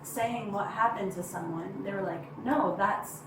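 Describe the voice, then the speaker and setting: Distant woman on bodycam audio, halting. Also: medium pitch, roomy sound, background noise. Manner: halting, rambling, many fillers. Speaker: complainant reporting to police. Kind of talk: recounting an incident to police. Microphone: body-worn camera.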